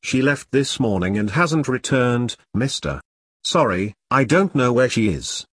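A man's voice: mid-range voice, sing-song, a little slow, fairly bright tone, slightly rough, no echo, studio quality, exaggerated voice. Man doing a hesitant hotel worker. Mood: apologetic. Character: apologetic hotel worker with halting English.

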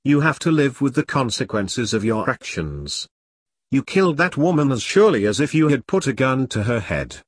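A man voicing a stern but caring army captain with clipped, commanding speech and a husky voice. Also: medium pitch, big pitch swings, moderate pace, no room sound, studio quality.

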